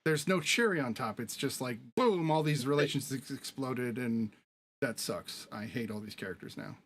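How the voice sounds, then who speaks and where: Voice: mid-range voice, lively intonation, normal speed. A film review panelist in casual chat, laid-back and joking.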